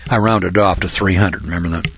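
A man's voice: low-pitched, steady tone, fast, gravelly, a bit bright, breathy edge. A man lecturing through a list of figures, folksy and sarcastic, now and then breaking into mock amazement. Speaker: financial lecturer. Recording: dull, lo-fi dry recording.

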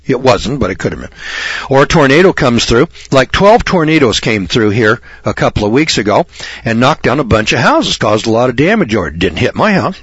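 A man preaching a fire-and-brimstone sermon, blunt, sarcastic and rambling, reading scripture slowly. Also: mid-range voice, very animated, fairly bright tone, husky, no echo, lo-fi sound. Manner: reads scripture slowly and deliberately.

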